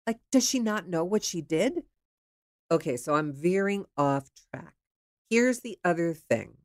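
A frank, chatty woman from the Pittsburgh area tells a personal story with a lively, swooping delivery. Her voice sits fairly low for a woman, and the sound is close and dry. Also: unhurried, no echo. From Pittsburgh area, USA. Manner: frank, chatty, occasional swearing. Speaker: storyteller sharing her dating life.

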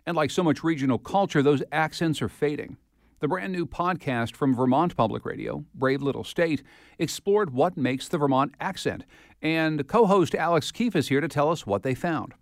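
A man hosting a public radio podcast, reading scripted segments and interviewing a guest in a measured, conversational way. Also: a little high, no echo, clean studio sound.

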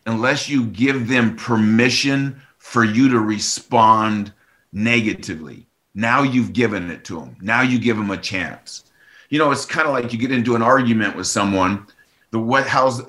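A man with a bright, sharp tone in an interview. He tells stories with energy and slips into the voices of the people he quotes. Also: medium pitch. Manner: animated storytelling, acts out quoted dialogue. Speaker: former baseball pitcher, author.

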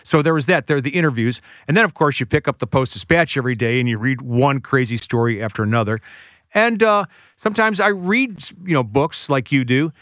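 A man in the middle of the pitch range is a guest on a radio interview, chatty and full of anecdotes. His voice is recorded dry and close in a studio. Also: a little fast, a bit bright, dry recording.

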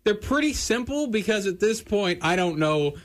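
A man's voice: high voice, big pitch swings, normal speed. Laid-back man explaining a radio game. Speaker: radio co-host.

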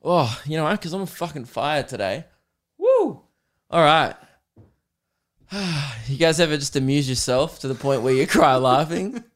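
A man's voice: fairly high pitch, sing-song, a little slow. A young Australian man hosting a comedy podcast, rambling casually, swearing freely and cracking himself up. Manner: swears freely, self-amused, breaks into laughter.

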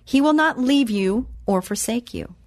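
A woman's voice: fairly high pitch, expressive, no echo, clean studio sound. Woman giving a scripture-filled motivational talk. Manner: preachy, quotes scripture with slow emphasis; chatty and personal, tells anecdotes. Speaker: self-empowerment speaker.

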